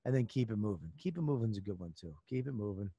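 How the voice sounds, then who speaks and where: A man's voice: lowish voice, animated, very fast, mellow, breathy edge, no room sound, dull audio. A man, a comedian guest on a podcast, giving blunt and profane advice in casual chat.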